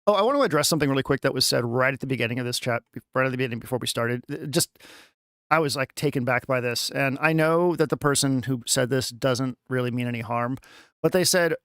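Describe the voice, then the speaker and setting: A man casually talking through a music production tutorial on a live stream, chatty and thinking out loud with lots of fillers. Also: medium pitch, fast, dry recording, studio quality. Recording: music playing underneath.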